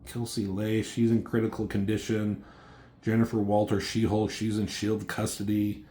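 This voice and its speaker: Man, very low voice, casual comic book review, rambling, filler-heavy, swears offhand. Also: monotone, normal speed, mellow.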